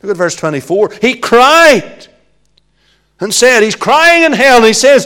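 A man preaching a sermon, emphatic and repetitive, swinging from hushed passages to loud ones. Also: extremely high pitch, sing-song, unhurried, smooth.

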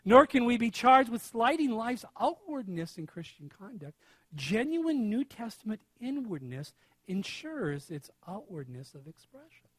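High-voiced emphatic male preacher. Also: very animated, measured pace, breathy edge, dry recording. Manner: emphatic, swings from hushed to loud stress. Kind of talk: sermon.

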